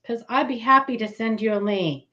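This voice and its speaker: A woman hosting a casual live stream, giggly and excitable, greeting viewers by name. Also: on the high side, a little fast, lo-fi sound.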